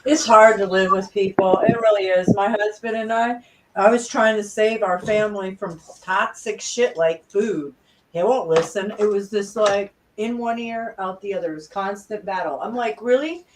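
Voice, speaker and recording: A woman's voice: medium pitch, normal speed, noisy background. Woman chiming in, outraged and emphatic, sounds kinda far from the mic. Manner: emphatic, indignant. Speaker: participant in a group chat. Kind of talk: casual chat. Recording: distant from the mic.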